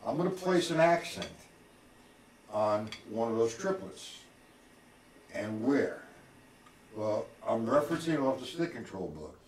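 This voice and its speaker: A man's voice: mid-range voice, very animated, measured pace, long pauses, a little mellow, a little hiss or hum. Man teaching drums in a roomy space. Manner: counts beats aloud, quizzes viewers directly. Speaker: drum teacher. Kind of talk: live-streamed drum lesson. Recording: roomy, from a distance.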